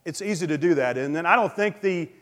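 A male pastor preaching a sermon in a relaxed, conversational way, with frequent fillers. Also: a little high, fast talker. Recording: long hall reverb.

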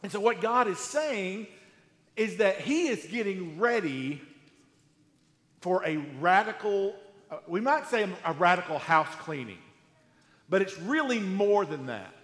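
A man preaching a sermon to a live congregation in a conversational, animated way, asking them questions. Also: high voice, a little slow. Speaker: pastor. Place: church hall with live congregation. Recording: echoey hall, roomy reverb.

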